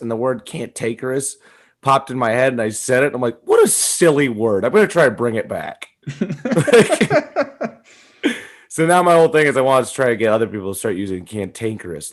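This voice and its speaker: A man co-hosting a comedy podcast, chatting casually in a rambling, joking way and swearing freely. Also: mid-range voice. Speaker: podcast co-host.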